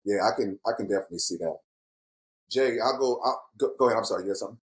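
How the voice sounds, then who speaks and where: Over poor audio, a podcast host and dad talks very fast in a voice on the low side. This middle-aged man keeps the conversation with his adult kids casual and heartfelt, reflecting openly and livening up when he repeats his own words.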